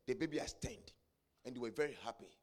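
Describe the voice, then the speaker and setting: A man preaching a sermon, telling a story and building to shouted climaxes. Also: medium pitch, quick pace. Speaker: pastor.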